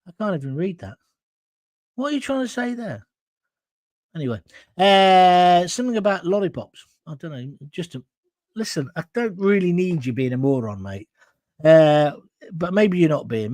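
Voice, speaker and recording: A man's voice: high voice, darkish tone, no room sound. A man hosting a live talk show, reading out viewer comments in a blunt, combative, rambling way from a green screen studio.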